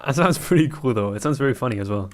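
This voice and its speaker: A man's voice: medium pitch, lively intonation, fast. German-accented man reacting casually. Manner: hesitant, thinking aloud with restarts. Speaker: reaction video host.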